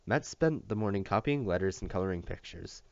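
A man's voice: low-pitched, lively intonation, brisk, vocal fry, a little mellow, dry recording. A man reading a novel aloud expressively, with occasional slips and rereads. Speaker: audiobook reader. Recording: dull lo-fi dry recording.

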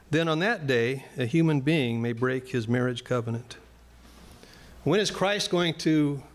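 Man preaching an earnest sermon. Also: medium pitch. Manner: earnest, plain-spoken preaching with direct asides to the congregation. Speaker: pastor. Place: church.

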